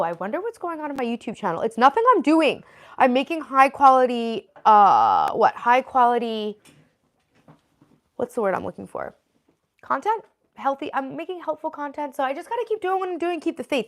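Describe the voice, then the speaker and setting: Chatty woman streamer thanking her chat. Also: mid-range voice. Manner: chatty, thanking viewers by name, earnest. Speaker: live streamer reading chat. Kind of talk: casual live-stream chat. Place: home bedroom office. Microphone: computer at her desk.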